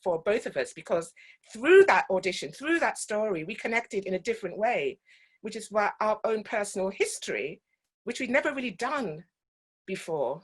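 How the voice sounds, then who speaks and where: Woman, actor's talk, anecdotal storytelling, middle pitch. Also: very animated, normal speed, slightly rough. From Guyana.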